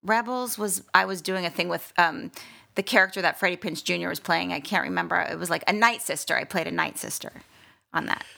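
An American woman co-hosting a casual podcast, playful and quick to laugh, her voice jumping high when she gets excited. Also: gravelly. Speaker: podcast co-host, voice actress. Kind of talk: casual chat.

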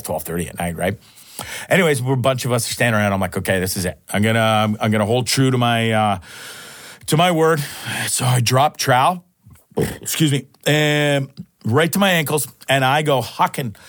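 A man's voice: medium pitch, no echo, studio quality. A man hosting his own podcast, telling a story in a rambling way and swearing casually. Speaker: podcast host.

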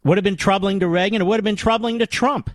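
A man's voice: high-pitched, steady tone, quick pace, no echo. A man hosting a political talk radio show, delivering a combative, indignant monologue with emphatic repetition.

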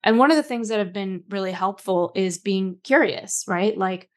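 A woman's voice: medium pitch, moderate pace. A woman hosting a podcast, chatting casually and thinking aloud, with many fillers. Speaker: podcast host.

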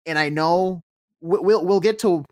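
A man hosting a soccer podcast, recapping the match step by step in a measured, casual way with frequent fillers. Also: high voice, no echo.

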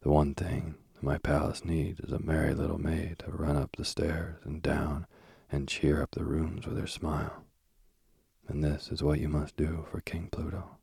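A man's voice: a bass voice, level tone, normal speed, vocal fry, darkish tone, husky, no echo, clean studio sound, heavily acted. A man reading the part of a boastful, coaxing male king of the underworld in a storybook. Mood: sullen.

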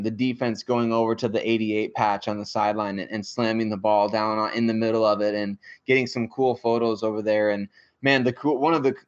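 A man who covers the team, talking on a sports podcast in casual chat, halting and full of filler words. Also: fairly low pitch, highs cut off. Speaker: podcast guest and team reporter.

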